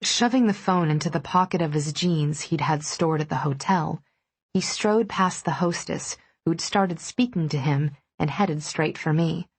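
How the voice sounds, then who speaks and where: A woman narrating a first-person romance audiobook in a steady, intimate storytelling manner. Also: lowish voice, creaky, husky, dry recording.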